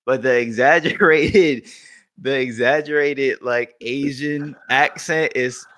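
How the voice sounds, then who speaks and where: Young male podcast co-host, bright tone, casual profane banter. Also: mid-range voice, steady tone, slow. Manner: loose, profane, joking banter. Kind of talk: casual chat.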